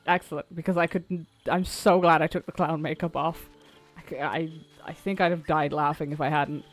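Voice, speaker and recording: A woman's voice: low-pitched, steady tone, moderate pace. A woman streaming a video game, chatting casually, swearing and laughing easily. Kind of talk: casual gameplay commentary. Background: faint game music.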